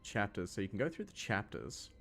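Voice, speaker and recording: Here a young man from Scotland runs a gaming video, offering loose, meandering commentary and replying to chat amid frequent ums and restarts. His fairly low voice swings widely in pitch and is slightly fast, creaky, and a bit bright, over faint background music.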